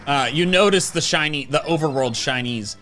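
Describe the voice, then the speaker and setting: A man's voice: on the high side, moderate pace, fairly bright tone, faint music behind. A young man co-hosting a casual gaming chat, easygoing and rambling with lots of fillers. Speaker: co-host of a gaming channel.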